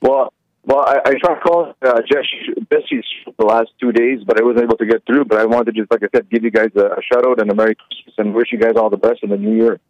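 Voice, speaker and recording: A man's voice: mid-range voice, fairly even intonation, quick pace, dry recording. A Canadian man calling in to a talk show, friendly and stammering over his words, heard on a breaking-up phone line. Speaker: caller. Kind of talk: phone call-in chat.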